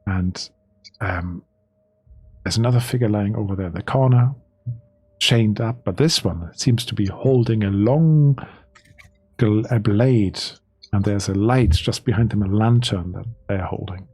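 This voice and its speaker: A man narrates a tabletop adventure as the game master, pausing and restarting as he builds the scene. His voice is husky and slightly breathy, at an ordinary pitch. The sound is close and dry, with no room behind it. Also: dark tone, dry recording. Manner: slow, hesitant storytelling with restarts.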